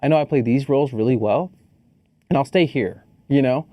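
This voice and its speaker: A man's voice: mid-range voice, brisk, no room sound, lo-fi sound. A man co-hosting a movie podcast, chatting casually and animatedly, joking and swearing freely. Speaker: podcast co-host. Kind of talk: casual movie review chat.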